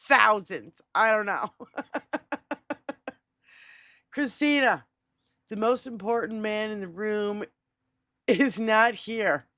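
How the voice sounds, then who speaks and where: A woman's voice: mid-range voice, slow, long pauses, sharp tone, no room sound, clean studio sound. A woman co-hosting a podcast who gushes, giggles and swears casually. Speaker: podcast co-host.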